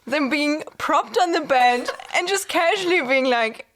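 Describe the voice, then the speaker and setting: A woman with a somewhat high voice chats about a novel as a podcast co-host. She is playful and self-mocking, with frequent laughs. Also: expressive, unhurried, fairly bright tone. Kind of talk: casual book-club chat.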